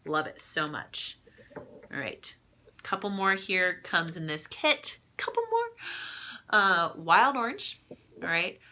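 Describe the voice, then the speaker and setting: A woman's voice: fairly low pitch, expressive, slow pace, bright, forceful tone. A woman, a massage therapist, teaching a casual live class in a chatty way, often checking in with the audience. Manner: chatty, keeps checking in with "okay?" and laughs often.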